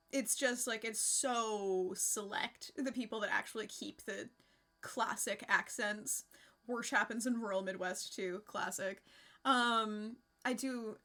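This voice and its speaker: A woman's voice: mid-range voice, sharp tone. A woman live streamer chatting casually with her viewers, rambling, laughing often and swearing freely.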